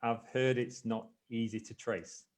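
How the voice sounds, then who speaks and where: A man from Manchester with a mild Mancunian accent, speaking haltingly as an interview guest over a video call. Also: mid-range voice, fairly even intonation. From Manchester, England. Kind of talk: conversational interview.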